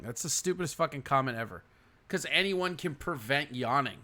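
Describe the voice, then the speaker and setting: A man's voice: a little high, expressive, fairly quick, pushed and bright. A man hosting a casual livestream, reading chat comments aloud and answering them bluntly, with lots of swearing, sighs and yawns. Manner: frequent yawning and sighing.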